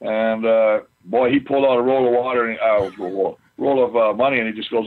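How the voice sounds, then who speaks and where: A man's voice: lowish voice, fairly even intonation, brisk, hardly any pauses, narrow, tinny audio. A middle-aged man, a former pro football lineman, telling boisterous stories in casual chat and swearing freely. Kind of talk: casual storytelling.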